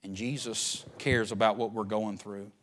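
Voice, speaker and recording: A man preaching a sermon in a folksy, joking way, swinging from low and soft to loud, high shouting. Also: steady tone, normal speed.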